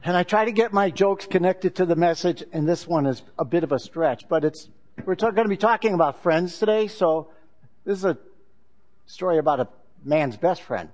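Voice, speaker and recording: Male pastor, sermon, high voice, candid and self-deprecating. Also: animated, normal speed, darkish tone.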